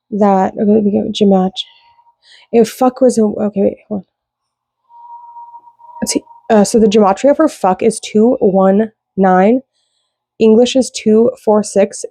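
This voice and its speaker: Woman doing a chatty tarot reading, low-key mellow voice, dry close sound, rambles a lot. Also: no room sound. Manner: rambling, loose, with many fillers; slow and deliberate when reading card meanings. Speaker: tarot reader.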